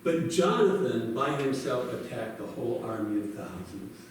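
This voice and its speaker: A man's voice: medium pitch, animated, moderate pace, very echoey, distant mic, a little hiss or hum, poor audio. A male pastor telling a Bible story in a sermon, acting out the characters' lines with animation.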